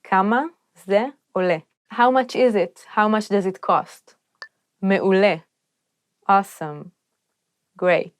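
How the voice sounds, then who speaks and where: A woman explains everyday phrases in a relaxed, chatty lesson. Her voice is smooth and clear at a middle pitch. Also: a little slow, long pauses. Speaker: language teacher.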